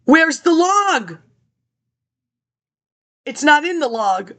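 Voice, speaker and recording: Woman in her 50s, high voice, vlogger talking to camera, tangential and chatty. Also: sing-song, very slow, a bit bright. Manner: rambling, jumps between tangents, addresses viewers directly. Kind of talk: rambling personal monologue.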